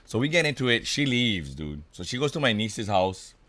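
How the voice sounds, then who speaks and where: A man from Hawaii, co-hosting a podcast and telling stories in an animated, laughing way, full of slang like dude and bro. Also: lowish voice, normal speed, no room sound. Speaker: podcast co-host. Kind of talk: casual storytelling chat.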